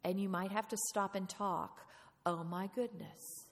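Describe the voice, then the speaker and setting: Woman, preacher, lively sermon, playful, questions the congregation, reverberant church hall. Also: mid-range voice, a little slow.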